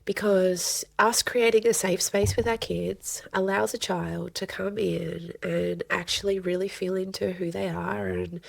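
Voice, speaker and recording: A middle-aged woman counselor who is a guest on a podcast, speaking earnestly and gently and repeating phrases for emphasis. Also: medium pitch, fairly even intonation, measured pace, vocal fry, hardly any pauses, no echo. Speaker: family and child counselor guest. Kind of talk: podcast interview conversation.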